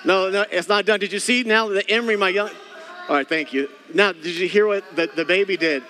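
A pastor in his thirties preaches in a loose, joking way and keeps calling out to the people in front of him. His voice sits high for a man. The sound has a long reverb tail, like a big church hall. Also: fairly quick, bright, forceful tone. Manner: casual, joking, talks to the congregation directly. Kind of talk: sermon.

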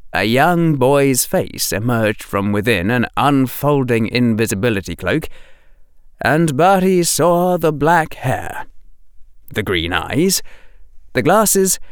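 A man reading fantasy fiction aloud as an audiobook narrator, in a dramatic, expressive way. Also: medium pitch, clear, resonant tone, no room sound, clean studio sound.

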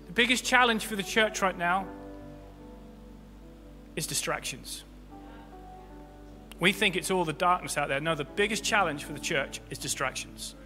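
A male pastor delivers an impassioned sermon in a high, very bright voice. He swings from loud, soaring peaks down to hushed, low stretches. The sound carries a long hall reverb with faint music beneath. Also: moderate pace, pauses often. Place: church hall.

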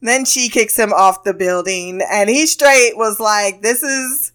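A woman's voice: mid-range voice, unhurried, a bit bright, clear, resonant tone. A woman hosting a podcast, recapping a TV episode in a loose, blunt and profane way, laughing often and acting out characters' lines. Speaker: podcast host.

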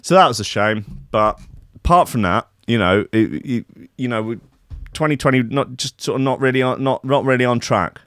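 A man's voice: medium pitch, normal speed, fairly bright tone, dry recording, clean studio sound. A man telling a long comic story to his listeners, rambling through profane, self-mocking asides.

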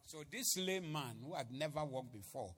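A man preaching a sermon, swinging from hushed asides to loud, chanted, repeated declarations. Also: on the high side, expressive, normal speed, slightly rough.

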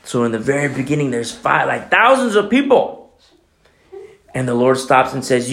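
A man preaching a sermon, animated, acting out little dialogues as he teaches. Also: medium pitch, moderate pace, gravelly. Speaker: pastor.

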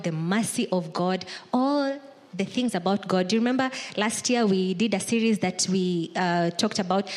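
Conversational woman pastor preaching. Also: mid-range voice. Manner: conversational preaching, acts out imagined inner thoughts. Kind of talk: sermon.

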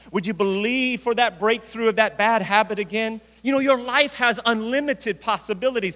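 Impassioned high-voiced male preacher. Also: long reverb tail. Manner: impassioned preaching, rising to forceful declarations. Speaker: pastor. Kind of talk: sermon.

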